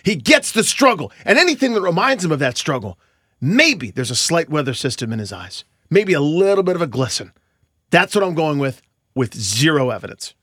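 Lively wisecracking man, slightly high. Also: fairly quick, no room sound, studio quality. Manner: self-deprecating, wisecracking. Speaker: podcast co-host. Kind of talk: casual sports podcast chat.

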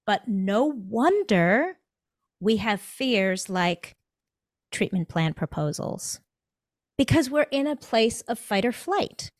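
A woman guest on a podcast talks in an animated, storytelling way, slipping into the voices of the people she quotes. Her voice sits in a middle pitch. The recording is dry and close, with no room sound. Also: dry recording. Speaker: podcast guest, dentist and coach. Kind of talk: conversational podcast interview.

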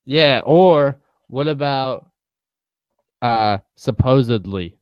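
A man's voice: mid-range voice, expressive, slow, smooth, no room sound, lo-fi sound. A young man co-hosting a casual chat, laid-back and slangy, telling stories.

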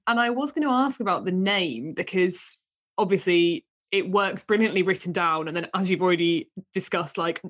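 A woman's voice: lowish voice, normal speed. A woman hosting a podcast interview, enthusiastic and effusive. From Hull, England. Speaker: podcast host. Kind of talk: casual interview.

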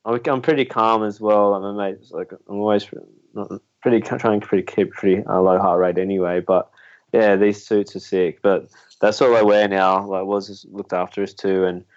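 Low-voiced aussie bloke, laid-back, yarning away on a podcast, muffled sound. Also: male voice, little pitch movement, normal speed. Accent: Australian. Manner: laid-back, rambling, laughs through his stories. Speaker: spearfishing guest. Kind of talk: casual storytelling in a podcast interview.

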